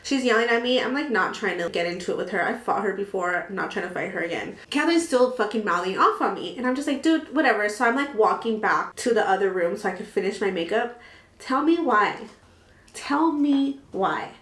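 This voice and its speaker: A woman in her twenties telling a dramatic storytime vlog, animated and full of swearing. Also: mid-range voice, fast talker, hardly any pauses. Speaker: vlogger. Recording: echoey room.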